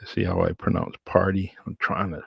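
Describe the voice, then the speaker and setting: A man's voice: deep voice, very animated, moderate pace, gravelly, a bit bright, breathy edge, dry recording. A man with a New England accent hosting his podcast in a casual, rambling solo chat, repeating himself as he goes. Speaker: podcast host.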